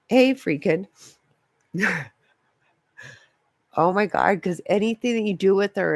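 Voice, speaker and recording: A woman's voice: low-pitched, expressive, unhurried, pauses often, dry recording. Profane, rambling woman vlogger, dry sound. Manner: profane, rambling, laughs often. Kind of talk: casual ranting monologue.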